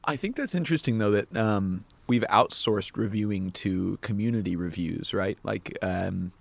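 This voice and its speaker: A man co-hosting a podcast, easygoing and casual, often chiming in with quick agreement. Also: fairly low pitch, creaky, no echo. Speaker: podcast co-host. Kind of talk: casual chat.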